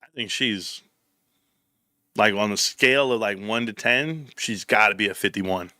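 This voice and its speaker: A young man from California hosting a casual live stream from home, chatting with viewers and telling stories in an animated way. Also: on the low side, unhurried, dry recording, studio quality. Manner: animated storytelling, reads chat aloud. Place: home, standing at a desk.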